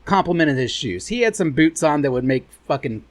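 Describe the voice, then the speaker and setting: A man's voice: on the high side, a little fast. A middle-aged man hosting a podcast, telling profane stories in casual banter and mocking the people in them. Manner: animated, profane storytelling with mocking quoted voices. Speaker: podcast host.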